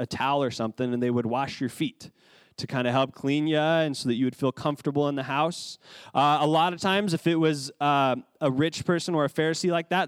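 A man's voice: a little high, clear, resonant tone, dry recording. A man preaching a sermon as pastor, in a conversational way with casual asides.

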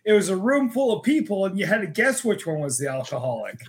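A man's voice: high voice, very animated, fast, a little hiss or hum. A man co-hosting a comedy podcast, making dry, self-deprecating jokes in casual banter. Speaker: podcast co-host.

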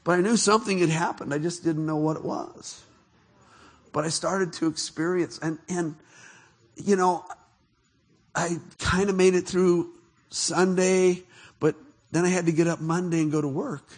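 A middle-aged man preaching a testimony sermon, telling his story with animated laughter, turning soft and hushed when he reflects. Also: high voice, moderate pace, pauses often.

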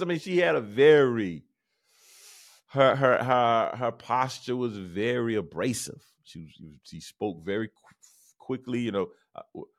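Deep-voiced man telling a story. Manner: animated, exasperated retelling with restarts. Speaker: podcast host. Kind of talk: casual storytelling monologue.

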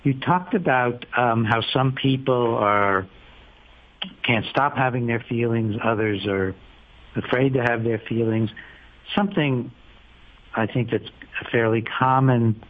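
A man, a psychiatrist guest in an interview, speaking in a thoughtful, measured and slightly hesitant way. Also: mid-range voice. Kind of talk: conversational interview. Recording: phone-like lo-fi radio audio.

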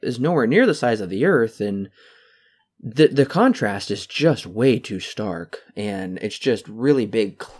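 Animated man reviewing a movie. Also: fairly low pitch, measured pace, slightly rough. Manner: animated, mocking quotes in put-on voices. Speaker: podcast co-host. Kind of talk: casual movie review chat.

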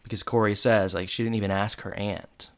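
A man's voice: on the low side, brisk. Man animatedly recapping an episode. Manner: animated retelling, acts out quotes, stammers. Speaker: podcast co-host. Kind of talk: casual recap chat.

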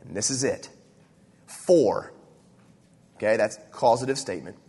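Husky-voiced preacher in a reverberant hall. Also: male voice, on the low side, lively intonation, quick pace, a little mellow. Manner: emphatic preaching with many "okay?" asides. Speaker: pastor. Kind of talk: sermon.

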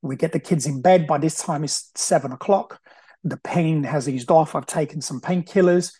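Husky man telling his story. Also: a little high, moderate pace, warm tone, no echo. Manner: earnest, repeats himself, frequent restarts. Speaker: podcast host. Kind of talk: personal storytelling monologue.

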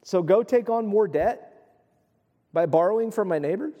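A man preaching a sermon as pastor, in a lively, conversational way, acting out the voices of the people he quotes. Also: sits high, normal speed, lo-fi sound. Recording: long hall reverb.

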